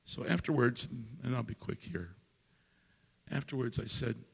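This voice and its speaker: An older man, a pastor, telling a story during a sermon in a folksy way, building into loud preaching. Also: mid-range voice, lively intonation, unhurried, creaky, husky, long reverb tail.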